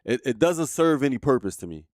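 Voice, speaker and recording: A man's voice: medium pitch, sing-song, fairly quick, a little mellow, dry recording, clean studio sound. A man streaming live, talking heatedly and profanely to his chat as he reacts to a video. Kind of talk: casual livestream commentary.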